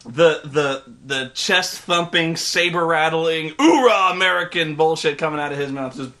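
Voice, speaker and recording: Excitable high-voiced man ranting. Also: normal speed. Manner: animated, profane, sarcastic. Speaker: co-host. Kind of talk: casual movie review chat.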